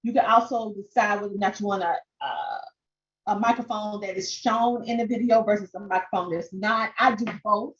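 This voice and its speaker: A woman with a Southern country twang coaching a live webinar, lively and direct, often checking in with "okay?". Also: medium pitch, moderate pace, dull audio. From Southern United States. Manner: animated, peppers talk with "okay?". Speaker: podcast coach. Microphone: desk microphone.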